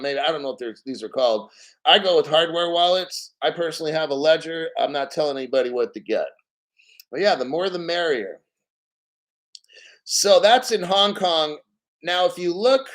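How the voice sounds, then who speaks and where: A man's voice: fairly high pitch, fairly bright tone. A middle-aged man hosting a casual livestream, ranting bluntly and profanely and checking in with "okay?". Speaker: crypto livestream host.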